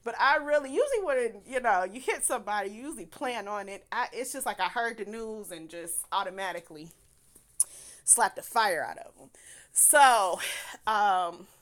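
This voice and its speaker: Gal spilling a wild personal story, laughs a lot, cusses, bright sharp voice. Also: female voice, medium pitch, animated, normal speed. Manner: candid, laughs often, swears freely.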